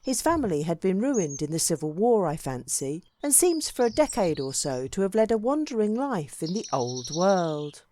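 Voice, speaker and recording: A woman reading a classic book aloud as an audiobook narrator, measured and expressive, with varied emphasis. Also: on the low side, a little hiss or hum. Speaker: audiobook reader.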